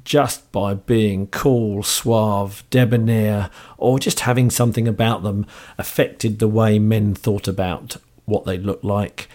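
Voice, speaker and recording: A man with a New Zealand accent hosting a podcast in casual chat, slightly hoarse, upbeat and chatty with a lot of ums and uhs. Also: on the low side, steady tone, slow pace, darkish tone. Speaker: podcast host.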